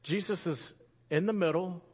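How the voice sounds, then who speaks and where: A man preaching a sermon in an animated storytelling way, rising louder for emphasis and dropping soft and slow at key moments. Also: high voice, husky.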